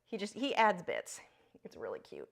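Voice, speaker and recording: An art instructor gives a chatty live drawing lesson in a gravelly voice at a moderate pace, with huge swings in pitch. Now and then she stops to talk to her pet bird, switching to a high, squeaky voice.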